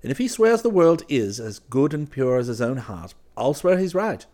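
A man reading an audiobook, voicing an excitable, chatty young male artist in a raised, eager tone. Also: medium pitch, moderate pace, pitched above the performer's own voice, close to an everyday voice.

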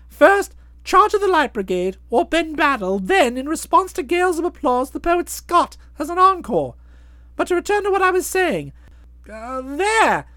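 A woman voicing a chatty, self-satisfied young gentleman in a bouncy, wordy way. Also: very high voice, dry recording, clean studio sound, full character voice. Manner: bouncy, wordy, fond of flowery phrases. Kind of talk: audiobook drama, narrating and voicing the hero.

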